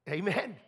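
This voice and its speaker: A man preaching a storytelling sermon, folksy, full of restarts, acting out conversations. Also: a bit bright. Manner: folksy, repeats and restarts, quotes people in dialogue.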